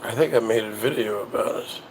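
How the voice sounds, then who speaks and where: A man hosting his own show, chatting casually in a rambling, halting way that often repeats itself. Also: on the low side, slight background noise, rough recording. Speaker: show host. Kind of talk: casual livestream chat.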